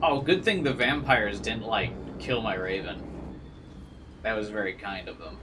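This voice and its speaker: A man's voice: on the low side, unhurried, distant mic, background noise. A man streaming a game, chatting and joking in a rambling way. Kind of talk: gaming commentary.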